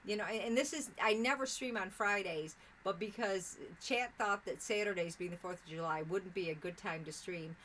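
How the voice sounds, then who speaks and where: A woman's voice: medium pitch, moderate pace, few pauses, fairly bright tone, a little hiss or hum, rough recording. An older woman chatting casually with viewers on a live stream from her sewing room, rambling with fillers and restarts.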